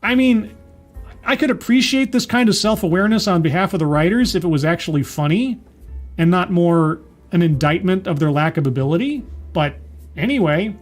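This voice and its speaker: A man's voice: high voice, animated, normal speed, soft background music. A man giving a casual, sarcastic recap and review of a TV episode. He mocks the writing and sighs at the plot. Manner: sarcastic, mocking, sighing. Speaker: TV show reviewer.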